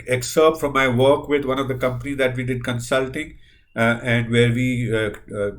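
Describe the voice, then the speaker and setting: A man giving an earnest recorded business lecture, pausing on frequent fillers and acting out sample dialogue. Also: mid-range voice. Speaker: business trainer.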